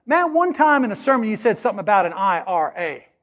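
A man preaching, voicing a teasing church board member who bargains in a plain, drawn-out way. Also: high-pitched, big pitch swings, a bit bright.

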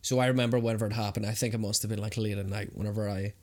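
A man co-hosting a casual podcast, telling animated stories and swearing a lot. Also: fairly low pitch, very fast. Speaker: podcast co-host and streamer.

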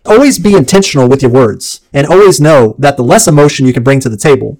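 A man hosts a solo advice podcast in a slightly high voice. He speaks in a measured, deliberate way and drops in playful, jokey asides. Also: lively intonation, a little mellow, low-quality recording. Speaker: podcast host.

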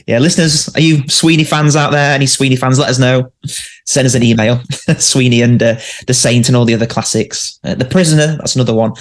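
A man's voice: medium pitch, fairly even intonation, brisk. A man co-hosting a podcast, chatting enthusiastically and laughing between points. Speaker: podcast co-host. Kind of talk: casual chat.

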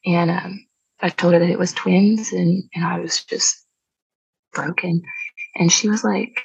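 A young woman as a podcast guest, telling a personal story in a quiet, halting and reflective way. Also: lowish voice, steady tone, creaky, husky, dry recording, rough recording. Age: young adult.

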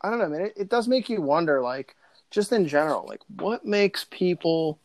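A man's voice: high-pitched, lively intonation, moderate pace, dry recording. A man in casual chat, rambling with many likes and ums. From Pittsburgh area.

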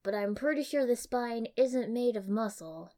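A woman's voice: on the high side, expressive, moderate pace, mellow, close to an everyday voice. A woman voicing a tired young male ninja, dry and wry, for an audiobook. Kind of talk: audiobook character voice.

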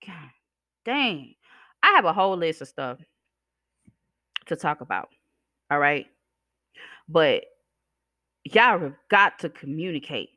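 A woman's voice: medium pitch, sharp tone, dry recording, studio quality. Sassy, blunt woman ranting on a podcast. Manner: blunt, sassy, profane, addresses listeners as "y'all" and "child". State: chewing gum, slightly slurred. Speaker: podcast host. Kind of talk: casual ranting monologue.

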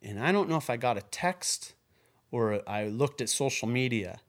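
A man, a ski club employee, telling a personal story in a rambling, animated way and acting out the quoted voices. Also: mid-range voice, moderate pace. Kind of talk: casual storytelling.

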